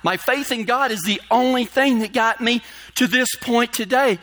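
Earnest castaway man stranded for years, as a preacher puts him on, high and bright, plain-spoken, from a sermon joke. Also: normal speed.

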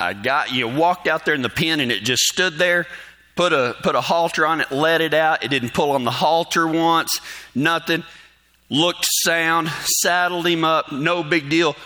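A male pastor spins a folksy story in his sermon, his fairly high voice cutting through with a very bright, sharp edge. He chuckles often as he talks. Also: measured pace.

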